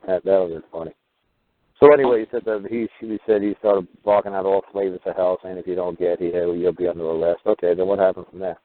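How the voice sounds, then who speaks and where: A man with a lowish voice hosts a call-in talk show. He jokes and riffs, playing with words as he goes. His voice comes through a tinny, dry phone line. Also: dry recording. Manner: joking, riffing with wordplay. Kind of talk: casual call-in radio talk.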